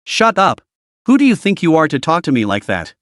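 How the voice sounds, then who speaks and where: A man's voice: a little high, huge pitch swings, a little fast, a bit bright, no room sound, clean studio sound. A man voicing a frantic, tearful young sister. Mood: desperate. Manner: screaming, pleading, trembling. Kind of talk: storybook recap reading.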